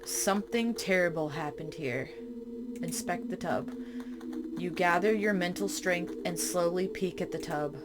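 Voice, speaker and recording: A woman's voice: on the low side, a little slow, very noisy. A woman playing a horror game, reading its text aloud and breaking off for startled, chatty asides. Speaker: game streamer.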